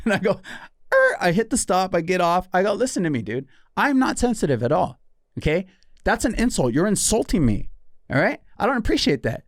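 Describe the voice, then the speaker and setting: A man's voice: high-pitched, fairly quick, no echo, clean studio sound. A man in his forties, a podcast co-host, telling a story in casual chat and acting out the exchanges with "dude" and "right?". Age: 40s. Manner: animated, acts out quoted exchanges, frequent "dude" and "right?". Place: podcast studio.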